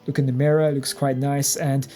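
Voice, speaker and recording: A man telling a sarcastic comic story in a casual, animated way. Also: mid-range voice, a little fast. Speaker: comedian. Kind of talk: comedic storytelling.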